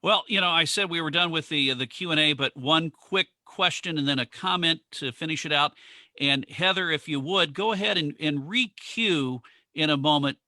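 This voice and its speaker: A man's voice: fairly high pitch, normal speed, pushed and bright, no room sound. A man hosting a museum's live online Q and A, talking in a friendly, conversational way and reading out viewer questions. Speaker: museum livestream host.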